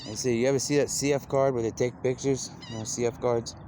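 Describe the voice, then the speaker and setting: A man rambles on in an unhurried stream of talk, stringing thoughts together with endless "you know"s. His voice sits at an ordinary middle pitch. A faint background hiss runs under the recording. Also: fairly even intonation, mellow. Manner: rambling, loose, repeats "you know" constantly, slips into quoted voices. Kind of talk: rambling monologue.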